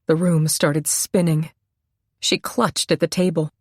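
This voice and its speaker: A woman narrating a suspense novel in a measured, steady storytelling voice on a close microphone. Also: deep voice, no room sound. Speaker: audiobook narrator. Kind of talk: scripted narration.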